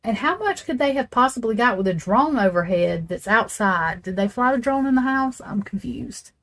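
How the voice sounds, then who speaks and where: A woman's voice: a little high, lively intonation, moderate pace, fairly bright tone. A woman hosting a casual true crime talk, rambling and blunt, swearing freely as she speaks straight to her viewers. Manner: rambling, blunt and profane, talks straight to chat. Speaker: true crime channel host.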